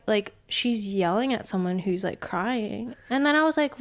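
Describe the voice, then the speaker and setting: A woman's voice: fairly high pitch, expressive, a little fast, few pauses. A woman guest on a podcast, talking casually and reflectively, laughing often and speeding up when she retells a story. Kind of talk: casual chat.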